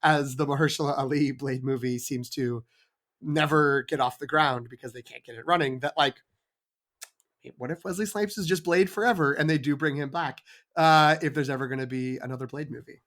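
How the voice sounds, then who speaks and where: A man with a fairly high voice co-hosts a casual film review podcast. He thinks out loud, circling back and restarting his sentences as he goes. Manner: rambling, halting, many restarts and asides.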